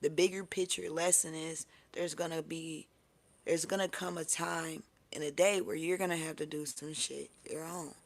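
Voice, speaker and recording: A tarot reader with a gravelly, fry-heavy voice, telling a story loosely to the camera. The talk is profane and full of fillers like "you know what I'm saying". The pitch sits in the middle of the range. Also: little pitch movement, moderate pace. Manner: laughs often. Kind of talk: casual storytelling.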